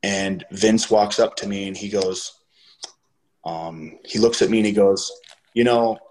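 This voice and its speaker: Profane man telling a story, low voice. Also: a little slow, low-quality recording. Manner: profane, animated when quoting others. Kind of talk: casual storytelling.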